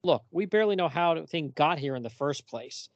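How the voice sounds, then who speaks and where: A woman's voice: low-pitched, lively intonation, fairly quick, no room sound, lo-fi sound. A man reading the lines of a weary adult woman trapped in a house, in a plain quoted reading voice.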